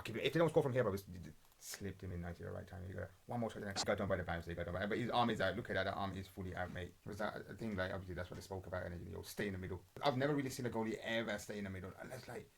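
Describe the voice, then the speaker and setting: A young man talks fast and in a husky voice as he rattles through match reactions. His football banter is blunt and rambling, heavy with slang and swearing. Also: on the low side. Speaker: podcast host. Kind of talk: casual football watch-along commentary.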